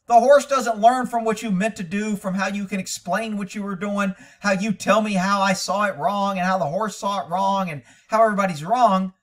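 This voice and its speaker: A man's voice: sits high, fairly even intonation, normal speed, few pauses, recorded from a distance. A man critiquing a training video as a horse trainer, blunt, profane and lecturing.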